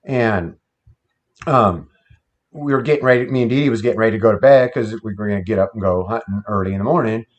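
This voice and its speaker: A man's voice: lowish voice, fast. A man telling a story about his past in a casual, plain-spoken, folksy way. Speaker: guest telling an encounter story. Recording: dull lo-fi sound.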